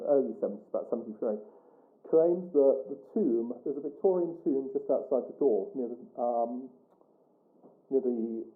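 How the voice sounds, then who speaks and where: A man with a Suffolk accent tells stories to an audience in a loose, rambling way. He trails off and corrects himself in chatty asides. His mid-pitched voice comes through thin and phone-like. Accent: Suffolk English. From Suffolk, England. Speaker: guest speaker. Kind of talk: storytelling talk to an audience.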